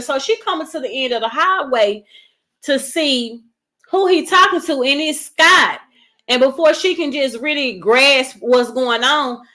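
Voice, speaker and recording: A woman hosting a casual movie review, retelling the plot. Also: a little high. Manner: animated storyteller, acts out characters' lines. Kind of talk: casual spoiler recap of a movie.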